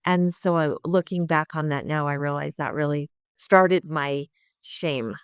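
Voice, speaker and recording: A middle-aged woman telling her recovery story in an interview, earnest and lively, acting out her own past thoughts. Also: sits low, measured pace, clear, resonant tone, no room sound. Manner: earnest, lively retelling with quoted inner thoughts.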